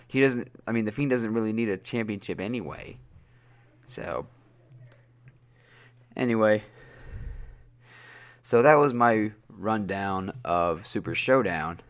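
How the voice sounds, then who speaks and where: A man hosting a casual wrestling review podcast, rambling with many fillers and getting worked up. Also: vocal fry. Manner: rambling, filler-heavy, gets worked up with high-pitched outbursts. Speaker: podcast host.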